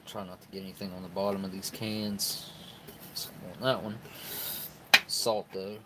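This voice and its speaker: Amid very noisy audio, a middle-aged live-streamer with a southern Ohio Appalachian accent reviews military rations, rambling in a folksy way and reading out viewer comments. His deep voice shows little pitch movement at a normal speed.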